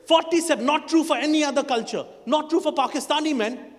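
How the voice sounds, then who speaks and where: A man in his forties with an Indian English accent, performing a stand-up comedy set and teasing the crowd in an animated way. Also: extremely high pitch, fast. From Kolkata, India. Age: 40s. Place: stage in a large hall. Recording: stage mic in a reverberant hall.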